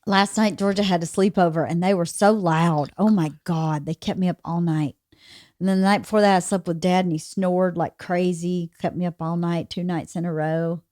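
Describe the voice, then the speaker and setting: A woman's voice: lowish voice, steady tone, moderate pace, a little mellow, no room sound, studio quality. A woman in her forties hosting a podcast, chatting casually and teasingly with her teenage daughter, sounding tired and yawning. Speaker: podcast host.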